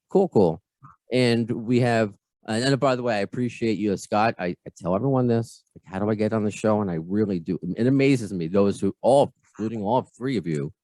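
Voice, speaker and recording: A man's voice: sits low, darkish tone, dry recording. An American man hosting a podcast interview over a video call, chatty and self-deprecating, often repeating his words. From United States. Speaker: podcast host.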